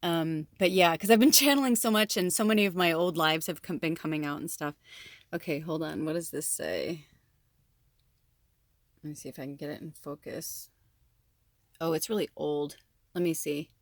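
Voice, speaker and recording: A woman's voice: medium pitch, big pitch swings, moderate pace, dry recording, clean studio sound. A woman who works as a spiritual medium, talking to her viewers in a casual, rambling way. She fills her talk with fillers and laughter and swears freely. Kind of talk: casual rambling monologue to camera.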